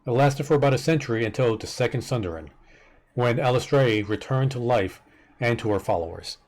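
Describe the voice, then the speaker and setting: A man's voice: medium pitch, lively intonation, brisk, darkish tone. A man on a live stream reading a fantasy wiki entry aloud, tripping over the names and muttering exasperated asides.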